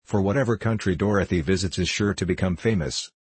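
A man's voice: sits low, fast, breathy edge, dry recording. A man voicing a courtly, gracious male fox king in an audiobook reading.

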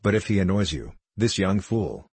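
A man's voice: low voice, sing-song, moderate pace, slightly rough, dry recording, exaggerated voice. A man reading the part of a deferential, fearful innkeeper in an audiobook. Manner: deferential, humble. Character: fearful fawning middle-aged innkeeper.

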